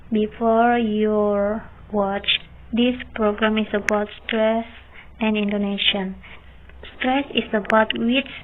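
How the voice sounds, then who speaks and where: A young woman giving a student class presentation, reading slowly with hesitant fillers. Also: fairly high pitch, slight background noise. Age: young adult. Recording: tinny phone-like audio.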